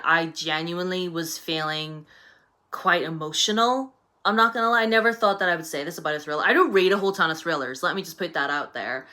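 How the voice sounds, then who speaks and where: A young woman casually reviewing a book on her vlog, chatty and animated, full of "you know" fillers. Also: on the low side.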